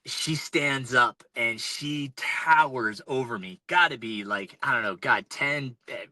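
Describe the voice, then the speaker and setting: A man in his forties from North Carolina, an ultrarunner telling race stories on a podcast in casual, animated fashion with lots of fillers and restarts, calling in from inside a truck. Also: medium pitch, slow pace, dry recording, rough recording. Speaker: ultrarunner guest. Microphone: remote call-in.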